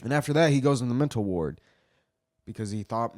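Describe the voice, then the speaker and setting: A man's voice: lowish voice, expressive, fast talker, a little mellow, no echo, clean studio sound. A man retelling a story in casual commentary, swearing a lot and rambling with frequent restarts.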